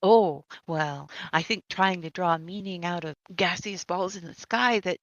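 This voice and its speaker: A woman voicing a chatty, nosy society lady who gushes in bright small talk. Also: lowish voice, measured pace, no room sound, muffled recording. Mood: gushing.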